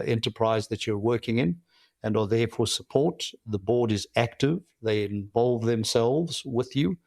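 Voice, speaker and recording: A middle-aged man with a South African accent answers interview questions in a measured, reflective way, pausing now and then to find his words. His voice sits at an ordinary pitch for a man. The recording is dry and close, with no room sound. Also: vocal fry, a little mellow, no echo. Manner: measured and reflective, with frequent "uh" pauses. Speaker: guest, company founder and CEO.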